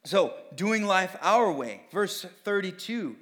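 A man's voice: sits high, very animated, takes it slowly, a bit bright. A man preaching a sermon in a casual, conversational way, often acting out what others say. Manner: casual, conversational preaching that acts out quoted voices. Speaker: pastor.

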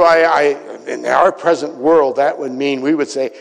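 A man preaches from the pulpit with a slightly high voice, acting out each quoted speaker before sinking into soft asides. His words ring with a long reverb from a large church hall. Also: moderate pace, gravelly, hardly any pauses. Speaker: pastor. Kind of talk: sermon.

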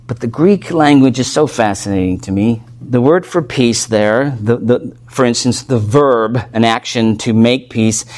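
A man preaching an expository sermon, earnest and emphatic, often pausing to check in with his listeners. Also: medium pitch, a little mellow. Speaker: pastor.

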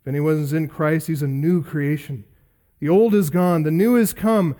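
A male pastor preaching an expository sermon, emphatic, building through repeated lists and slowing down on key words. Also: fairly high pitch, dark tone.

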